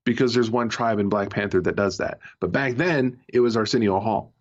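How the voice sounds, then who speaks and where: A man's voice: lowish voice, moderate pace. A man co-hosting a podcast, chatting casually about a TV episode, rambling with lots of fillers and restarts. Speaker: podcast co-host. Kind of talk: casual chat reviewing a TV episode. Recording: muffled lo-fi audio.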